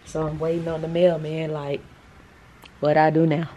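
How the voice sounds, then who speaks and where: Low-voiced woman chatting to her vlog camera, relaxed and informal, some faint noise behind. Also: moderate pace. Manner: chatty, informal, Southern-style slang. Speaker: vlog host. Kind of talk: casual chat to camera.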